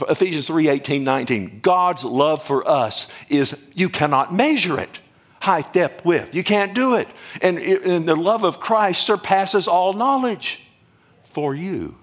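A man's voice: on the high side, lively intonation, measured pace. An older man preaching a sermon in a folksy, emphatic way, often asking the congregation questions. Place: church or stage before a congregation.

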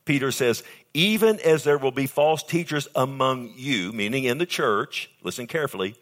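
A man preaching a sermon as pastor, with emphatic delivery that swings from hushed to loud and keeps asking the audience questions. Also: medium pitch, lively intonation, normal speed.

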